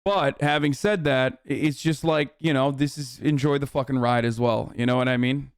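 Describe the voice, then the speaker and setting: A man's voice: mid-range voice, steady tone, normal speed, clear, resonant tone, no room sound, studio quality. A male streamer giving casual, profane, rambling commentary on clips and talking to his chat.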